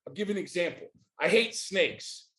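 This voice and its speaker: A man's voice: high-pitched, animated, normal speed, a bit bright. A man in his forties from the United States, a podcast guest talking in a blunt, emphatic, profane way. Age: 40s. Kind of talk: casual chat.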